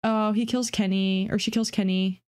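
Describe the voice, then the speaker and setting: A woman giving casual, excitable reaction commentary on a video game, swearing freely and thinking out loud. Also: mid-range voice, normal speed, smooth. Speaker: gaming reaction streamer.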